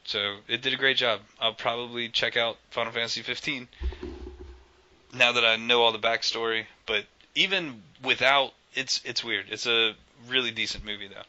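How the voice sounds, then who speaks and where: A man's voice: medium pitch, fairly even intonation, normal speed, pushed and bright, dull audio. A man co-hosting a casual gaming podcast, rambling and joking with lots of fillers and restarts. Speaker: podcast co-host.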